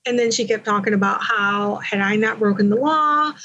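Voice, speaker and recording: A woman's voice: mid-range voice, moderate pace, sharp tone, dull audio. A woman from Panama candidly telling her own story in an interview, in a conversational way. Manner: candid, conversational, with many you-knows.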